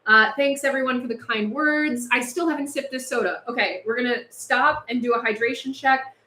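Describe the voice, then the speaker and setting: A woman's voice: fairly high pitch, moderate pace, sharp tone, reverberant. A woman hosting a livestream, chatting casually and speaking out with passion, overheated in a house with no air conditioning. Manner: impassioned, chatty, laughs between points. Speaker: livestream host.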